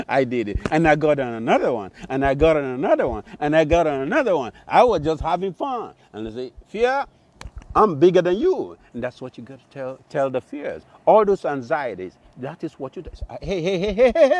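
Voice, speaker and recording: A middle-aged man giving a motivational talk to his channel viewers, telling stories in an animated way with bursts of exclamation. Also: mid-range voice. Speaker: motivational speaker. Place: Minnesota.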